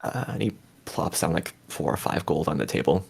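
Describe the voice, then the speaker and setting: A man narrates his character's actions in a tabletop game, rambling with lots of fillers. His low voice is gravelly and a little husky, and it rises and falls a lot. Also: expressive, brisk. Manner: rambling, full of "like" and restarts. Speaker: player. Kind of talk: casual tabletop role-play narration.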